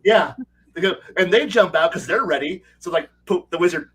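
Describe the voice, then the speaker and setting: A game master telling table stories in casual chat, animated, laughing often and swearing as he rambles. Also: high-pitched, a little fast, far from the mic, poor audio. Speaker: game master, regular guest.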